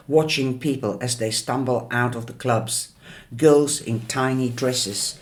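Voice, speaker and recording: A man narrating a first-person novel as an audiobook reader. His delivery is slow and deliberate, each sentence measured out at a middle pitch.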